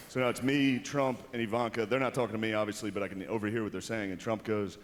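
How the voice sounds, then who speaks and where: A man's voice: on the low side, normal speed, long pauses, darkish tone. A man doing a stand-up monologue as an awards show host, delivering dryly and slipping into exaggerated impressions on a large arena stage. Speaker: comedian hosting an awards show.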